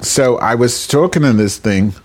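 A man's voice: medium pitch, animated, normal speed, heavy background noise. A man hosting a show, telling a raunchy comic story in a rambling, self-interrupting way. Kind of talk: crude comedic storytelling.

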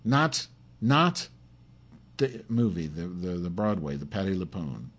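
A man hosting his own podcast, talking off the cuff with constant swearing, camp asides and sudden swings between low mutters and excited yelps, while complaining of a headache. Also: moderate pace, husky. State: has a headache. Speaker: podcast host. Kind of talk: rambling solo podcast.

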